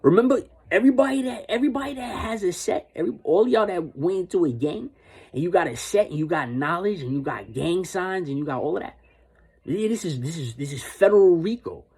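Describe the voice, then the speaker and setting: Husky-voiced man on a rambling rant. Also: high-pitched, animated, fairly quick, darkish tone. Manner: repetitive, insistent, restarts phrases.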